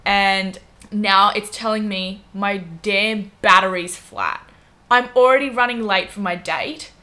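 An Australian woman in her twenties tells a story on her podcast with lively, quoted asides and a steady stream of "like". Her voice is bright and clear at a middle pitch. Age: 20s. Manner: animated, fast anecdotes full of "like" and acted-out quotes. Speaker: podcast co-host. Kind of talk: casual storytelling chat.

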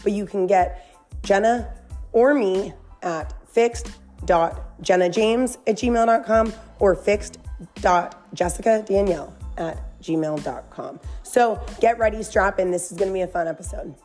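A woman's voice: mid-range voice, a little slow, a little mellow, faint music behind. A woman with a scratchy voice hosting a podcast, upbeat and casual, saying "like" often. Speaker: podcast host.

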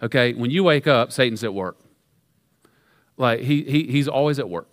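A middle-aged man preaching a sermon in a church, talking in an energetic, conversational way with frequent restarts. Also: medium pitch, moderate pace. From American South. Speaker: pastor. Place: church sanctuary.

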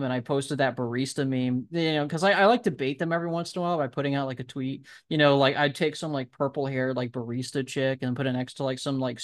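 A man in casual political discussion on a podcast, talking in long, rambling stretches full of "like" and frequent laughter. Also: medium pitch. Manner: rambling, laughs often, lots of "like".

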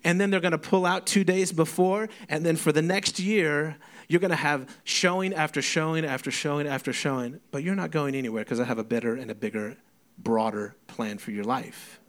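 A man's voice: a little high, fairly even intonation, fairly quick, fairly bright tone. A man, preaching a sermon and telling stories with emotion, acting out both sides of conversations. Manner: storytelling, emotional, acts out dialogue. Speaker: pastor.

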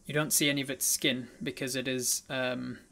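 A man's voice: medium pitch, little pitch movement, moderate pace, gravelly, pushed and bright. A man narrating a tabletop role-playing game as game master, describing the scene with frequent ums and uhs.

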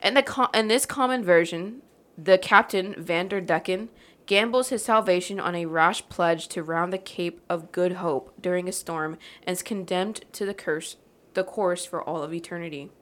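Bright-voiced woman telling spooky stories. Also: lowish voice, moderate pace. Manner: joking, swears freely, laughs often while reading. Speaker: podcast host. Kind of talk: casual storytelling chat.

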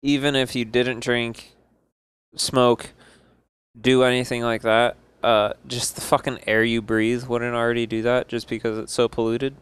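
A man's voice: medium pitch, little pitch movement, measured pace, fairly bright tone, clean tone, dry recording. A man in casual podcast chat, teasing his cohost and swearing freely.

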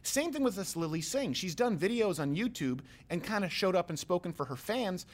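Man, podcast host, fast, lively pitch, casual jokey banter. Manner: animated, quick, joking asides.

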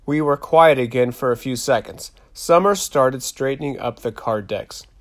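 Male narrator, calm even reading, first-person story. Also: medium pitch, normal speed. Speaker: audiobook narrator.

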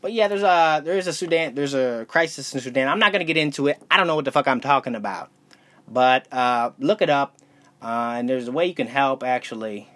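A man's voice: medium pitch, lively intonation, fairly quick, a bit bright. A young man hosting a casual solo podcast, talking loosely and profanely with lots of fillers and restarts. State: out of breath. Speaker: podcast host.

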